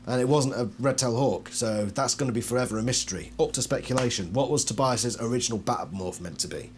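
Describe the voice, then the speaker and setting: A man hosting a video, reading out card texts and breaking off with wry, skeptical asides that trail off into quiet mutters. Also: mid-range voice, fast talker, a little hiss or hum. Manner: wry, skeptical asides between read-out passages. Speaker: channel host reviewing collectible cards. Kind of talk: casual commentary mixed with reading aloud.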